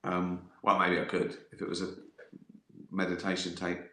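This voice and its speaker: A man's voice: sits low, monotone, moderate pace, sharp tone, echoey room, a little hiss or hum. A middle-aged man, hosting a casual livestream and answering viewer questions with swearing, self-mocking banter. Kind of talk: casual chat. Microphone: phone.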